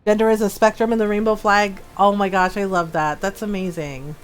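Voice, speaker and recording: A woman's voice: medium pitch, fairly even intonation, brisk, smooth, soft background music, poor audio. A woman streamer chatting casually while she plays, telling a story from her school days, laughing often and acting out the people she quotes.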